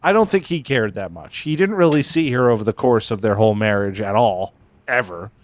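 A man's voice: lowish voice, animated, fairly quick, no room sound. A man co-hosting a podcast, telling a story in a rambling, crude, joking way with sudden put-on voices. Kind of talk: casual comedic storytelling.

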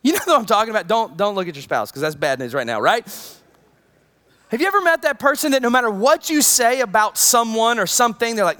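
A preacher with a medium-pitched voice speaks a little fast, delivering his sermon conversationally. He's animated, retelling scripture and drifting into many asides.

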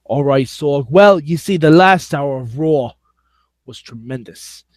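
A man's voice: a little high, expressive, measured pace, no echo, studio quality, pitched below the performer's own voice. A man putting on a mock British accent. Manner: joking, exaggerated slang. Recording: phone line.

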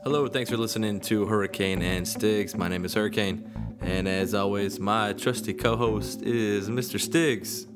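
A man with a low voice hosts a casual podcast in an easygoing, rambling way. He is in his thirties and pokes fun at himself as he chats. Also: steady tone, normal speed, music in the background. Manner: easygoing, rambling, self-deprecating. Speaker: podcast host.

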